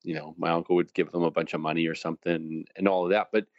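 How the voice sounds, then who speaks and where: A man with a low voice, speaking as an interview guest. He tells his stories with energy and acts out the people he quotes. The recording sounds dull and completely dry. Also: little pitch movement, fast talker, dry recording. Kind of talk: conversational storytelling.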